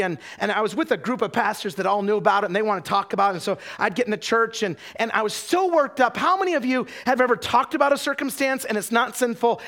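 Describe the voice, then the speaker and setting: High-voiced man preaching with animated questions. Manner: animated storytelling with rhetorical questions to the congregation; repeats words when starting sentences. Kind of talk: sermon.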